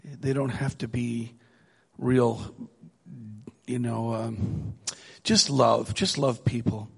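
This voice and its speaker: A gravelly, husky man with a slightly high voice preaches a sermon. He talks to the congregation in an earnest, conversational way and builds into emphatic urging. His voice rings through a church hall with a long reverb. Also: steady tone, slow pace.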